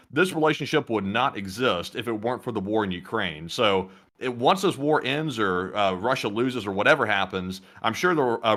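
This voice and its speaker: A man co-hosting a casual war news chat, talking in a relaxed, self-deprecating way. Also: fairly low pitch. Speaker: co-host.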